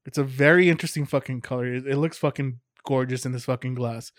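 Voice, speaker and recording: A man's voice: medium pitch, steady tone, fast, dry recording, studio quality. A man co-hosting a podcast, chatting casually about beer, loose and jokey with a lot of swearing. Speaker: podcast co-host. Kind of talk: casual beer-tasting chat.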